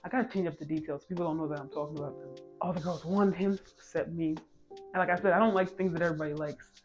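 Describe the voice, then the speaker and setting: A woman in her twenties telling a personal story to camera in a casual vlog, chatty with quick self-mocking asides. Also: on the low side, steady tone, highs cut off, faint music behind. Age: 20s. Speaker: storytime vlogger.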